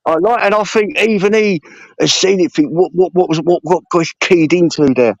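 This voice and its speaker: A man's voice: sits high, moderate pace, no echo, lo-fi sound. A man chatting as a guest on a live stream, earnest and repeating himself, with slang like bruv. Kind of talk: casual group chat on a live stream.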